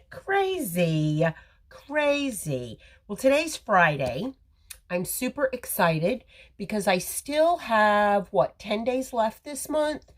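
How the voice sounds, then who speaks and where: A woman's voice: on the high side, animated, takes it slowly. A middle-aged woman hosting a casual live makeup tutorial, chatty and rambling as she talks to viewers on her phone camera. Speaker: makeup livestream host. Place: home or salon with ring light.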